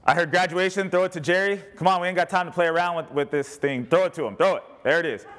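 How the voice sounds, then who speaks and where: Talking fast in a voice that sits high, this man runs an interactive sermon activity. He jokes, stays upbeat, and calls out to those in attendance.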